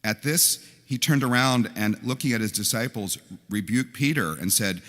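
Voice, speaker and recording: Older priest preaching in a reverberant church. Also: male voice, mid-range voice, moderate pace. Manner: conversational, animated, acts out quotes. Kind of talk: sermon. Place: large church.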